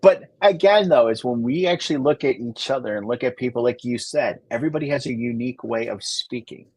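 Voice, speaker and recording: A man with a slightly husky voice chats about his craft, spinning long anecdotes. His voice is recorded close and dry, with no room sound. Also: medium pitch, brisk, darkish tone, no room sound. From Great Lakes region of the US. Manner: chatty, storytelling, explanatory. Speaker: Santa performer and podcast co-host. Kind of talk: casual conversational chat.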